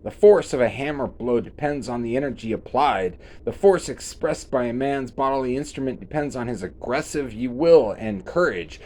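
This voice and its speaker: A man voicing a powerful older monk who is calm, jovial and given to lecturing, in a read-aloud story. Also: medium pitch, lightly acted.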